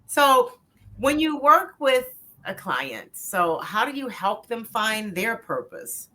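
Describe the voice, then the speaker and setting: A woman's voice: a little high, sing-song, slow, pushed and bright. A woman hosting an interview, encouraging her guest and asking open questions. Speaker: interview host. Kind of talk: casual interview talk.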